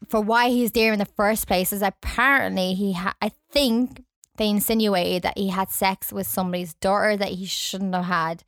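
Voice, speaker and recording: A woman's voice: medium pitch, no room sound, studio quality. A woman casually chatting about a film, giggling and acting out lines. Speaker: podcast co-host. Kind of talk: casual movie review chat.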